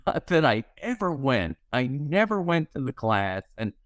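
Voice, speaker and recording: Man telling wry anecdotes, smooth dry voice. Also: mid-range voice, big pitch swings, measured pace, fairly bright tone, no room sound. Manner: wry anecdotes, acts out quoted lines. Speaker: guest comedy writer. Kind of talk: storytelling interview chat.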